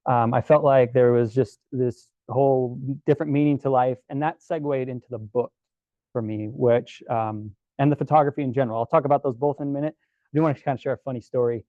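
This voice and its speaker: A man giving a casual storytelling presentation to a club, relaxed and chatty with many fillers and restarts. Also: mid-range voice, a little fast, dry recording, dull audio. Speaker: guest presenter at a camera club.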